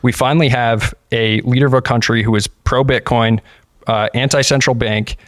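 An earnest man talks as a guest on a casual podcast, stumbling and restarting as he builds his points. His voice sits in an ordinary middle pitch. The sound is dry and close. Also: fairly even intonation, moderate pace, fairly bright tone, no echo. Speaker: podcast guest, libertarian activist.

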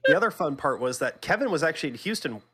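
A man's voice: on the high side, sing-song, rapid-fire, crowd noise. A man co-hosting a gaming podcast in casual chat, teasing and rambling with frequent restarts. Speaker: podcast co-host.

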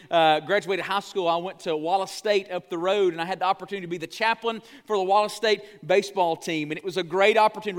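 High-voiced pastor preaching. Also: male voice, a bit bright. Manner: earnest, addresses the congregation directly; slows down on key phrases. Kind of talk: sermon.

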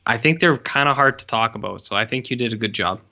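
Easygoing young man with a bright voice. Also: medium pitch, fast talker, gravelly, lo-fi sound. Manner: easygoing, agreeable, hesitant restarts. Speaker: podcast co-host. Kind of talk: casual chat.

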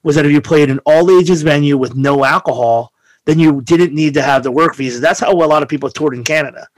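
A man tells a rowdy story in a relaxed podcast chat, swearing freely and slipping into the voices of the people he quotes. His voice sits a little high and sounds close and dry on the mic, with almost no room around it. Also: brisk, no room sound. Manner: animated, profane, acts out quoted voices.

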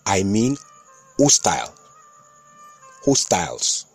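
A man's voice: sits low, big pitch swings, slow, breathy edge, faint music behind, heavily acted. A man voicing an earnest male Nigerian security chief with a southwestern Nigerian accent who repeats himself insistently.

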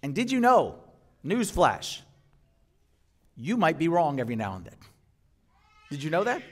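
A man's voice: a little high, huge pitch swings, measured pace. A man preaching a sermon to a congregation. He asks the listeners questions and repeats his key lines for emphasis. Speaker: priest. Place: church before a congregation.

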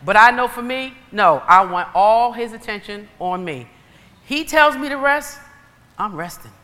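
A woman delivers a sermon with animated storytelling, slipping into acted-out dialogue. Her voice is bright and sits at a middling pitch. It rings with the long reverb of a large hall. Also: a little slow. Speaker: preacher.

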